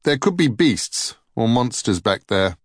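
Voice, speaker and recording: A man voicing a stern, wrathful male thunder god in a storybook reading, speaking slowly and commandingly. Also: big pitch swings, dry recording, clean studio sound. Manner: booming and slow, commanding.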